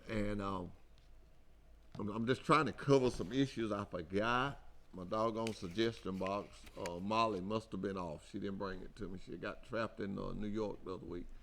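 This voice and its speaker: Southern man hosting a company talk for truckers, folksy and earnest, voice sits a bit low. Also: steady tone, moderate pace, fairly bright tone, a little hiss or hum. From Alabama. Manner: folksy and earnest, repeats points for emphasis. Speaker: company host addressing truck drivers.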